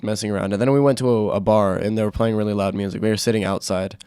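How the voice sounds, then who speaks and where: A young man hosting a casual solo podcast, rambling with fillers and restarts, his throat sore from yelling. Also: on the low side, fairly even intonation, quick pace, clear, resonant tone, dry recording. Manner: rambling, full of fillers and self-corrections. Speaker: podcast host.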